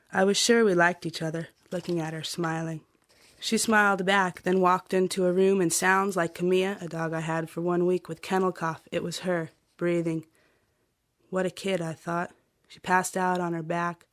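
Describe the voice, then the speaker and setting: Woman reading her journal aloud, flat and hushed, dry close sound. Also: on the low side, no echo.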